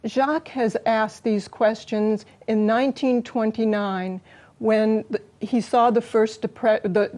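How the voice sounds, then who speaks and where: Earnest woman guest, mellow voice. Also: a little high, fairly even intonation. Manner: earnest, quick explaining. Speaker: interview guest. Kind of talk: studio interview.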